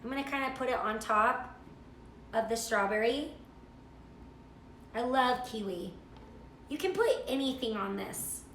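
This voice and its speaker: Bubbly high-voiced woman cooking host. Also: lively intonation, measured pace, pauses often, a bit bright, echoey room, a little hiss or hum. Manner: chatty, gushing, reads viewer comments. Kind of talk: live cooking stream chat.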